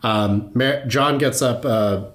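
A man's voice: medium pitch, slow pace, reverberant. A man hosting a podcast, retelling a true-crime story in a loose, conversational way with fillers and easy laughs. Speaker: podcast host.

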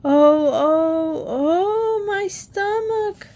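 A woman's voice: sing-song, slow pace, darkish tone, exaggerated voice. A woman voicing a whiny young boy who groans and wails, pretending to be sick. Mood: groaning. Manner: groaning, high and wailing. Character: boy faking a stomach ache, whiny.

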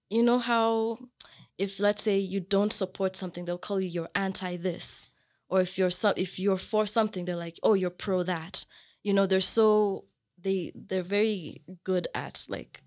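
A young woman from Kenya, chatting casually as a guest and telling animated stories full of fillers. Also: mid-range voice. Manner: animated storyteller, filler-heavy. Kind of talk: casual chat.

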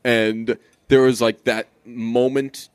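Male podcast co-host, casual, profane, rambling; mid pitch, dry close mic. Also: level tone, clear, resonant tone, no room sound. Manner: rambling, profane, quick asides.

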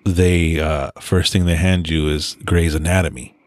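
A man hosting a casual interview, relaxed, with short casual responses. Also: low voice, unhurried, no echo, clean studio sound. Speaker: podcast host.

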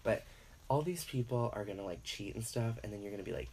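A man with a fairly low voice delivers a loose, profane opinion rant. He rambles from point to point and leans heavily on filler words as he talks alone to his audience. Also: lively intonation, fast talker, vocal fry, darkish tone, slight background noise.

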